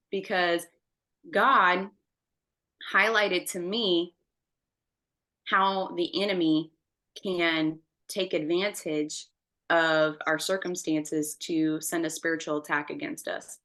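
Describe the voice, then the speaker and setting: A woman's voice: on the low side, steady tone, slow pace, fairly bright tone. A woman co-hosting a faith podcast, telling a story animatedly and acting out the voices in her retelling. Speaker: podcast co-host.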